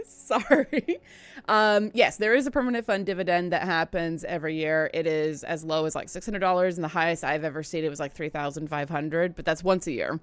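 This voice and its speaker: A woman's voice: sits low, fairly even intonation, brisk, hardly any pauses, clear, resonant tone, no room sound, soft background music. A woman in her thirties from Alaska, chatting casually with rambling asides while playing a video game. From Alaska, USA. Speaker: let's play streamer. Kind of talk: casual gameplay commentary.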